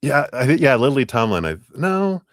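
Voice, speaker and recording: A man's voice: mid-range voice, big pitch swings, normal speed, dry recording, clean studio sound. A man with a slight Southern US accent hosting a live tarot reading, chatty and rambling and often laughing. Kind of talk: casual live-stream reading.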